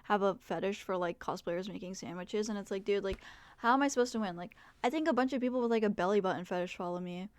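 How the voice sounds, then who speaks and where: A young woman streaming live, chatting casually to her viewers in a rambling, self-deprecating way, filling her talk with "like" and quick asides to chat. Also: mid-range voice, clear, resonant tone.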